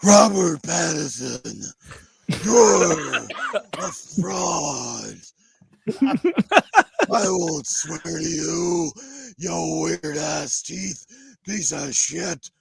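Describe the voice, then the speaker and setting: Brief: grim male caped vigilante, slow gravelly growl, a man putting it on. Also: on the high side, big pitch swings, exaggerated voice. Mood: menacing. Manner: slow, drawn-out threats.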